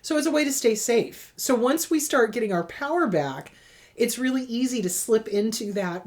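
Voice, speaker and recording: Middle-aged woman therapist-host, emphatic advice talk, lively swooping pitch. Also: moderate pace. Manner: emphatic, repeats words for stress. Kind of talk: direct-to-camera advice talk.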